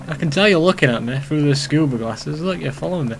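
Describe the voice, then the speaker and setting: A young man giving rambling, profane commentary while playing a video game, excitable and talking to himself. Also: mid-range voice, fast, vocal fry, few pauses, soft background music. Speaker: let's play host. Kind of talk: casual gameplay commentary.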